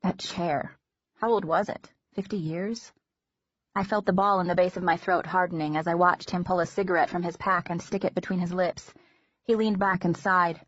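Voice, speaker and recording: A woman narrating an audiobook in a measured, intimate first-person reading. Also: lowish voice, fairly even intonation, no room sound. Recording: dull lo-fi recording.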